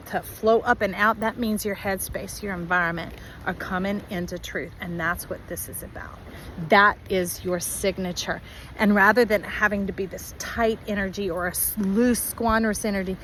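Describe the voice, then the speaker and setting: Animated woman giving a tarot reading. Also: medium pitch, normal speed, slight background noise, poor audio. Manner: animated, acts out viewers' voices. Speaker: tarot reader.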